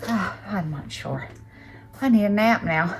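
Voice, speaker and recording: A woman chatting casually to her camera on a tripod in her living room, with a soft, chatty manner. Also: mid-range voice, animated, a little slow, background noise. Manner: soft, chatty, coos in baby talk to the kittens. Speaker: knitting vlogger. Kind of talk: casual vlog chat.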